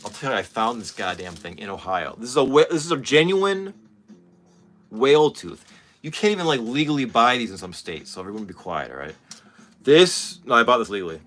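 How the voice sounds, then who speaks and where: A man in his forties hosting a casual vlog. He talks in an excitable, rambling way and swears often. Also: mid-range voice, a little fast. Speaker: channel host.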